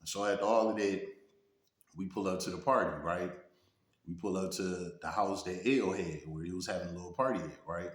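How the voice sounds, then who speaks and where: A man with a Detroit accent telling a street story in a relaxed, casual way, often asking "you know what I'm saying". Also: deep voice, moderate pace. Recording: roomy echo.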